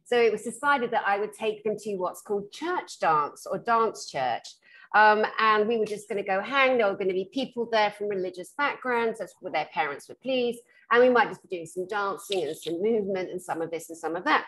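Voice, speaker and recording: A British woman, a spiritual therapist, telling stories in a frank, lively, casual chat. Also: mid-range voice, brisk. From Britain. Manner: animated storyteller who acts out the people she quotes; frank and blunt, laughs through her stories.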